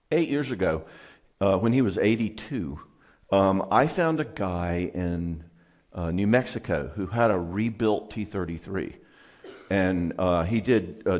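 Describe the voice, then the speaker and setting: A middle-aged counselor gives a seminar talk in an earnest, conversational way, sharing personal stories. His tone is darkish, and he often drops his voice low for emphasis.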